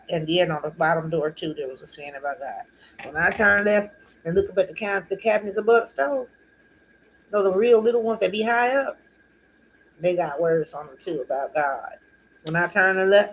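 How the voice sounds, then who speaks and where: A woman's voice: on the low side, fairly bright tone, a little hiss or hum, poor audio. A woman hosting her own video, telling an earnest, heartfelt personal story with repeated phrases. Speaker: vlog host. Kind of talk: personal testimony monologue.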